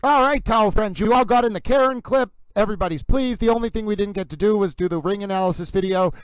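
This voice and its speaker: A man's voice: high voice, fast, clear, resonant tone, dry recording, rough recording. A man hosting a livestream, commenting on a trial in a playful, theatrical mock horse-racing announcer style. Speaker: livestream host.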